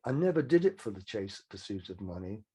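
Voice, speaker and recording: Husky older Mancunian man storytelling. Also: on the low side, sing-song, fairly quick, dark tone. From Manchester, England. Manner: rambling anecdotes with restarts, frank. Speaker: songwriter guest. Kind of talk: casual interview storytelling.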